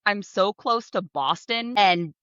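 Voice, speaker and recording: A woman's voice: mid-range voice, takes it slowly, fairly bright tone, no room sound. A woman with a Connecticut accent, co-hosting a podcast in chatty talk full of "like". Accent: Connecticut, New England. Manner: chatty, leans on "like". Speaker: podcast co-host, travel advisor. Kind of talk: casual podcast chat. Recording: dull, lo-fi mic.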